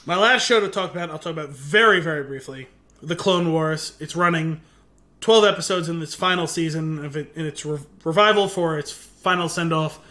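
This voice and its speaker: A man's voice: fairly high pitch, fairly quick. A man co-hosting a podcast, casually and animatedly retelling a TV episode with lots of filler words. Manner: animated retelling with quoted lines, many "like" fillers. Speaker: podcast co-host. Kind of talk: casual chat, recapping a TV episode.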